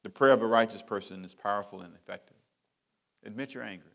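A middle-aged man, a pastor, preaching a sermon with emphatic repeated phrases and big swings in loudness. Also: fairly low pitch, fast talker, gravelly.

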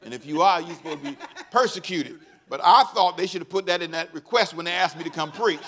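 A man preaching a sermon as pastor, animated and folksy, leading the congregation in call-and-response and laughing at his own stories. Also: a little high, a little fast.

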